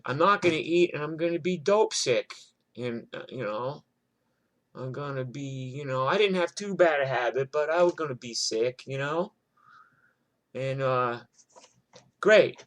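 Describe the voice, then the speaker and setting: A man's voice: medium pitch, a bit bright. A middle-aged man telling a story from his past in a rambling, profane way, full of fillers and asides. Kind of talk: casual spoken storytelling.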